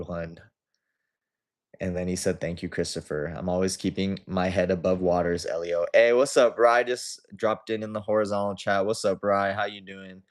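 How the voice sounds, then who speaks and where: Man, young adult, deep low voice, livestream host, reads comments aloud, casual chat. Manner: reads viewer comments aloud and replies chattily.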